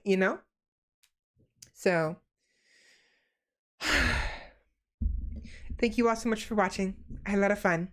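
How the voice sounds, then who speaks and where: A young woman chatting casually on her stream in a mid-pitched voice. She talks quickly by habit but keeps reining herself in, stretching words out and enunciating carefully. Frequent sighs and soft laughs break up her phrases. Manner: naturally fast talker deliberately slowing down to enunciate. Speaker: VTuber streamer.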